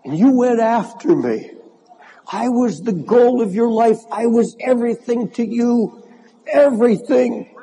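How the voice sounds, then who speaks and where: An older male pastor in full sermon, his voice husky and mellow yet pitched high. He preaches with passion, doubling back on words as he drives each point home. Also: measured pace, low-quality recording. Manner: impassioned preaching, repeats words.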